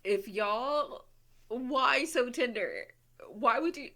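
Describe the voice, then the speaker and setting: A woman hosting a reaction video, excitably talking back to the screen and gushing emotionally in casual commentary. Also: fairly high pitch, takes it slowly, over loud music.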